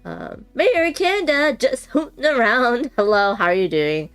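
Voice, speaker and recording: Animated, giggly woman unboxing a game. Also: on the high side, a little slow, smooth, soft background music. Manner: chatty, giggly, thinks aloud. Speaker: board game streamer. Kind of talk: casual unboxing chat.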